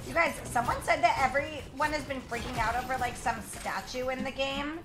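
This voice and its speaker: A young woman streams a game live, talking nonstop as she plays. Her voice sits a little high, and she is excitable and gushing, with frequent squeals. Music plays clearly behind her. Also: moderate pace, few pauses. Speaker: gaming streamer. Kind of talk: live gameplay commentary. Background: music playing under the voice.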